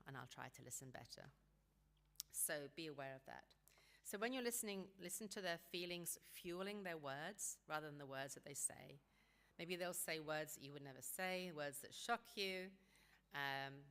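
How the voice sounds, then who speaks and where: A woman giving a seminar talk on parenting teenagers, calm and practical, sometimes acting out what parents and teens might say. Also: sits low. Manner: calm, practical advice, acts out quoted dialogue.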